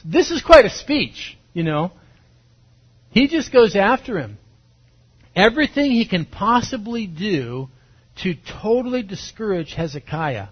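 Husky-voiced man preaching conversationally. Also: sits high, big pitch swings, a little slow, highs cut off. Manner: conversational, asks listeners questions, acts out quotes. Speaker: pastor. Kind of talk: sermon, verse-by-verse Bible teaching.

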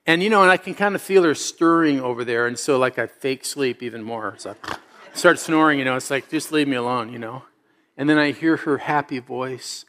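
A man's voice: mid-range voice, fairly quick, a bit bright. A middle-aged man preaching a sermon as a pastor, telling stories in a conversational way and building to emphatic exhortations.

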